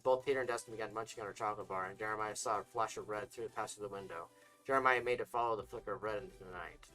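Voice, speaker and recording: A man's voice: on the low side, racing, pushed and bright, soft background music, low-quality recording. A man casually reading fiction aloud, stumbling and restarting now and then. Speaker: story reader.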